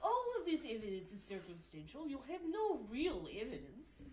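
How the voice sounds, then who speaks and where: Woman player, high and super lively voice, echoey room. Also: normal speed, slight background noise. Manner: animated, laughing. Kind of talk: in-character tabletop banter.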